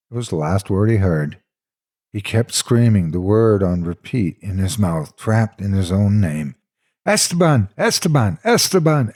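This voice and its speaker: Deep husky-voiced man reading horror. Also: darkish tone. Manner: dramatic, intense first-person telling. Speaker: horror story narrator. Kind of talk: dramatic horror story reading.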